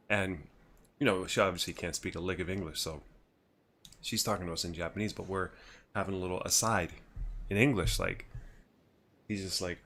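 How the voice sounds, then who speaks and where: A man's voice: deep voice, moderate pace, pushed and bright. A man in his thirties casually telling a rambling story on a gaming livestream, laughing and restarting often. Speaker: streamer.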